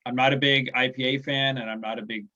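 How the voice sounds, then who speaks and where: A man in his forties from the USA, a podcast guest talking casually in a halting way, restarting his sentences and chuckling at himself. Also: medium pitch, steady tone, bright, forceful tone, dull audio. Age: 40s. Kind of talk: casual chat.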